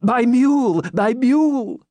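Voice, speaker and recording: A man voicing a frightened old moneylender who begs in a high, trembling voice. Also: animated, slow, mellow, dry recording, exaggerated voice. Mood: frantic.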